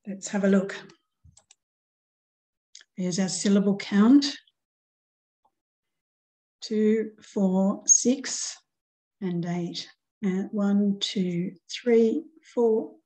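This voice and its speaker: A woman's voice: medium pitch, steady tone, extremely slow, pauses often, mellow, rough recording. A middle-aged woman teacher giving a recorded grammar lesson, patiently walking through examples and counting out syllables.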